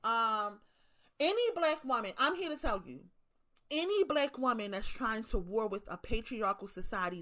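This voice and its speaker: Her mid-range voice sounds pushed and bright. This online commentator, a woman in her 30s with a Baltimore accent, talks bluntly and profanely to viewers in a casual monologue, repeating herself to drive points home.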